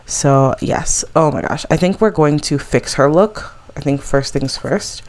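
A woman's voice: sits low, measured pace, a little mellow. A woman hosting a casual let's play, chatting gossipy commentary over her game and laughing often.

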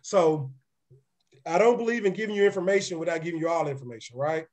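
A man with a raspy voice gives a live-streamed motivational business presentation, energetic and chatty, often checking in with his listeners. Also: fairly high pitch, fast. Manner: energetic, conversational, often asks "right?"; repeats words and restarts sentences. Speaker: real estate presenter.

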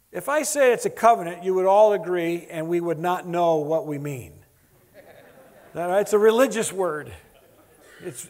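Male preacher, higher voice, emphatic lecturing with wry asides. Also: darkish tone. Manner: emphatic, joking teacherly delivery with stressed key words. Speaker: Bible lecture speaker. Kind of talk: lecture sermon. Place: large lecture hall. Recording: echoey auditorium reverb.

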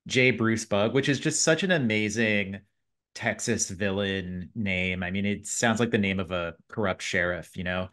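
A man's voice: lowish voice, moderate pace, hardly any pauses, fairly bright tone. A man co-hosting a podcast, asking long, meandering questions full of restarts. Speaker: podcast co-host. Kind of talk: conversational podcast interview.

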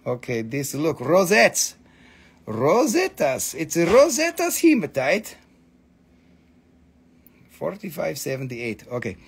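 Husky, lively high-voiced man selling crystals. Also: slow, long pauses. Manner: excitable, joking, swears casually. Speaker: crystal seller hosting a live sale. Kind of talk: live sales stream chat.

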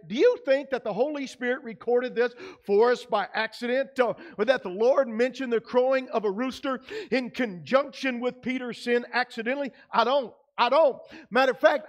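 Male pastor with a high-pitched voice, preaching conversationally in church. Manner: conversational preaching with frequent fillers. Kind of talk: sermon. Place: church sanctuary.

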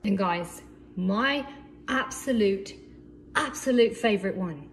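A woman demos her favorite meal prep gadgets in a home kitchen, chatting and joking as she goes. Her voice sits at a middling pitch, and loud background noise runs under the recording. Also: slow pace. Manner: chatty, enthusiastic, playful asides. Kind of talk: casual kitchen demo video.

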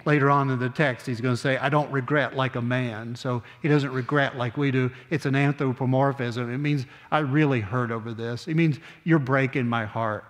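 Older guy preaching a sunday sermon, earnest, slows way down on the big lines, mid-pitched, lots of church reverb. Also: fairly even intonation. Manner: earnest, slows down on key phrases, conversational asides. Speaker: pastor. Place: church sanctuary.

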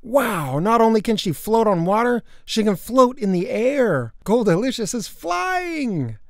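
A woman's voice: fairly low pitch, very animated, normal speed, darkish tone, no room sound, clean studio sound, pitched above the performer's own voice. A woman reading aloud and voicing a mischievous little boy who plays a wizard, chanting spells theatrically. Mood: amazed.

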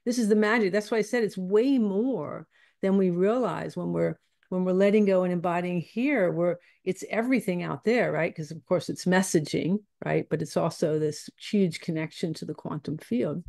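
A woman's voice: fairly low pitch, normal speed, gravelly, a little mellow. A woman guest teaching spiritual ideas in conversation, earnest and searching, often restarting her phrases.

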